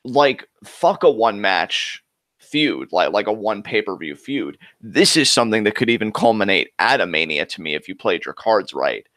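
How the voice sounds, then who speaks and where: A man rants about a show that let him down, swearing hard and piling on point after point. His pitch rises and falls a lot as he talks. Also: moderate pace. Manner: frustrated ranting, heavy swearing, animated. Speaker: wrestling podcast co-host. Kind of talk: heated casual chat.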